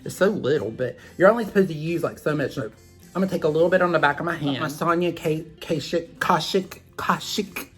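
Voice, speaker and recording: A man's voice: on the high side, fast, soft background music. A man with a Southern US twang hosting a makeup vlog, rambling chattily with asides to his viewers. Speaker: makeup vlogger. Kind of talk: chatty beauty tutorial vlog.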